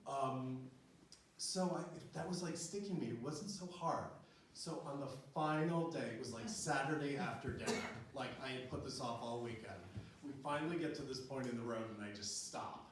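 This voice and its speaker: A man's voice: mid-range voice, moderate pace. Chatty man telling a story on stage. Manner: chatty, laughing often, many fillers. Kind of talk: personal story told live on stage. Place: small venue with live audience. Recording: very echoey room, distant mic, audience noise.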